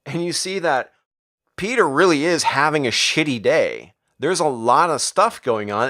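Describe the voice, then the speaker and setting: A man's voice: mid-range voice, fairly bright tone. A man recapping a comic book in a casual, crude, sarcastic way. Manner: profane, sarcastic, jumps into character voices.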